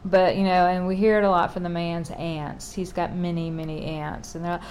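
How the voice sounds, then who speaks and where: A woman's voice: on the low side, flat delivery, moderate pace, darkish tone, slight background noise. A middle-aged woman talking casually in a wry, exasperated monologue.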